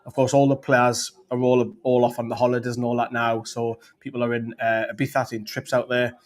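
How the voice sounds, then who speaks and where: A man's voice: medium pitch, flat delivery, a little fast. Chatty man hosting a fan stream. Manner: chatty, rambling, with frequent fillers and restarts. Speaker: fan channel host. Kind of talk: live-stream football chat, reading viewer comments.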